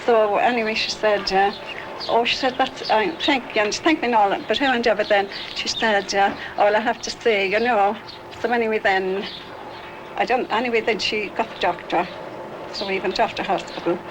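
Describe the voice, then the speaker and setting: An older woman with a Dublin Irish accent rambles chattily about a neighbour, acting out the dialogue as she remembers it. Her mid-range voice moves at a normal speed on a noisy 1960s archive recording.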